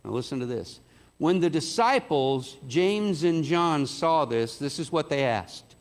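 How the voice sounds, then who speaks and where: A man's voice: lively intonation, measured pace. A man preaching a sermon in a conversational way, acting out the quoted lines. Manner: conversational, acts out quotes with rising pitch. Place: church sanctuary. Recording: church hall reverb.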